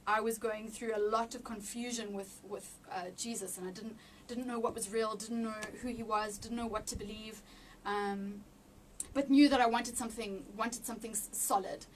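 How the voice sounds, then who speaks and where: High-voiced woman telling a heartfelt testimony. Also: steady tone, distant mic, slight background noise. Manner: halting, emotional, many restarts. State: near tears. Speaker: interview guest. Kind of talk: personal testimony in an interview.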